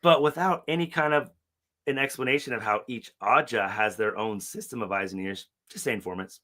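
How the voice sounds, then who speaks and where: Bright-voiced profane man chatting. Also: medium pitch, a little fast. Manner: profane, animated, mimics characters in funny voices. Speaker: podcast co-host. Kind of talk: casual chat.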